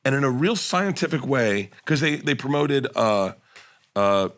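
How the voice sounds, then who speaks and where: Animated middle-aged man telling stories. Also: mid-range voice, a little slow. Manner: animated storyteller acting out quotes. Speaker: comedian guest. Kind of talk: casual podcast storytelling.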